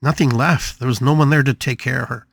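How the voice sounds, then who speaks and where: A man's voice: mid-range voice, fairly even intonation, a little fast, vocal fry, no echo. A man hosting a spiritual podcast, telling a story dramatically with emphatic repetitions. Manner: dramatic, emphatic, repeats phrases for effect. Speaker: podcast host.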